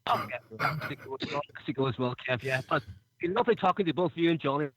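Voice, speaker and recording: A man's voice: fairly high pitch, animated, brisk, fairly bright tone, rough recording. A man with a Northern Irish accent, phoning in to a radio show and telling a story in a rambling way, full of fillers. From Northern Ireland. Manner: rambling, many fillers and restarts. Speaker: caller. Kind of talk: phone-in storytelling.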